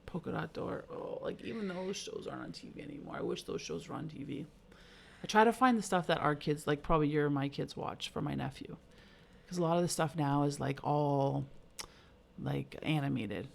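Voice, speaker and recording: A woman co-hosting a casual podcast, her voice rough with a creaky edge. She tells frank personal stories with a loose, unpolished manner and the odd curse word. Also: low-pitched, a little fast. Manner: candid storytelling, frequent "like", occasional swearing. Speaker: podcast co-host. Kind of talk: casual chat.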